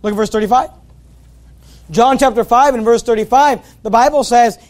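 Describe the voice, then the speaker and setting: A man's voice: extremely high pitch, normal speed, a little mellow. A man preaching a sermon, emphatic and repetitive, quoting scripture in old-style wording and urging listeners to read the Bible.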